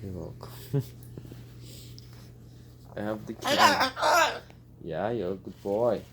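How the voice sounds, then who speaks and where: A woman's voice: rumbling low, slow pace, darkish tone, a little hiss or hum. A woman at home talking to her pet birds in coaxing baby talk, chatting casually with her partner. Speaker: pet bird owner.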